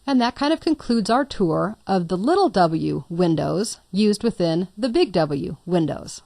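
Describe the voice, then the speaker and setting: A woman's voice: on the low side, lively intonation, unhurried, creaky, warm tone, no echo, studio quality. A woman instructor talking through a computer tutorial step by step, patient and lightly playful. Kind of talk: screen-recorded software tutorial.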